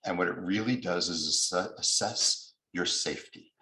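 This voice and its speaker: A man's voice: sits low, normal speed, sharp tone, echoey room, low-quality recording. A man giving a mediation training lecture over a video call, explaining step by step and now and then acting out angry voices.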